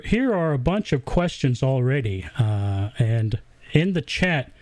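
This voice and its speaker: A Southern man from the American South hosts a casual livestream Q&A, chatting through it with plenty of fillers and restarts. His voice sits in the mid range with a darkish tone, and the recording is dry.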